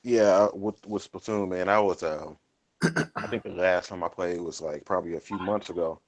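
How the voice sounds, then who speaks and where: Brief: man, gaming podcast co-host, lowish voice, laid-back and chatty. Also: fairly even intonation, moderate pace, a little hiss or hum. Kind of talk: casual gaming podcast chat.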